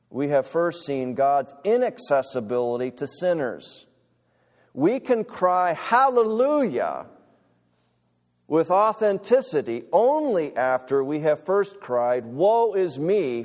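Impassioned preacher in a reverberant hall. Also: male voice. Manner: impassioned, swings from loud urgent peaks to low quiet asides. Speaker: pastor. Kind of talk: sermon. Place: church sanctuary.

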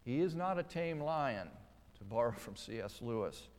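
A man's voice: medium pitch, lively intonation, moderate pace, a little mellow. A man preaching a sermon, stressing key words and putting rhetorical questions to his listeners. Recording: long hall reverb.

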